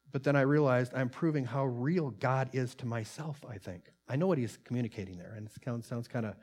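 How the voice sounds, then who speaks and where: A man preaches in an earnest, plain-spoken way, his voice sitting at a middle pitch. He reads quoted lines aloud with more force and fills his own commentary with ums and restarts. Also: darkish tone. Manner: earnest, rising in volume on quotes, many fillers. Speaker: pastor. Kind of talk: sermon with read-aloud transcript.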